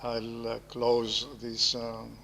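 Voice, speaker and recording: Slow-talking Greek-accented male host. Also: medium pitch, completely flat delivery, creaky, bright, forceful tone, slight background noise. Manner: slow, hesitant, many fillers. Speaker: interview host, professor. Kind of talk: conversational interview. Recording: long reverb of a hall.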